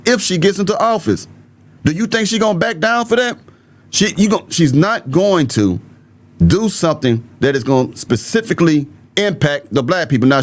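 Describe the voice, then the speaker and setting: Southern guy ranting straight to camera, kinda high voice, blunt and colloquial, no filter. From Southern United States. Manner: blunt, emphatic, colloquial talk straight to viewers. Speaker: political commentary host. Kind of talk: opinionated video commentary.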